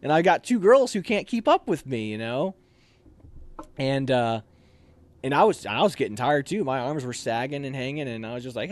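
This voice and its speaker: A man's voice: medium pitch, fast talker. A man in a casual interview, telling a story with many fillers and acting out the voices of the people in it. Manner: animated, acts out quoted voices, many fillers. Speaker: officer candidate being interviewed.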